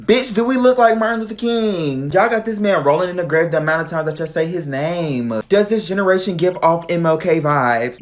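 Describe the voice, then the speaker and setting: A young woman delivering a sarcastic, confrontational monologue from a short video clip. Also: deep voice. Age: young adult.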